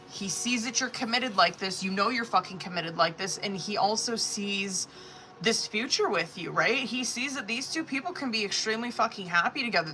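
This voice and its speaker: A woman reading tarot cards on a live stream, blunt and expressive, swearing freely as she talks the viewer through each card. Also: medium pitch, a little hiss or hum. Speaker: tarot reader.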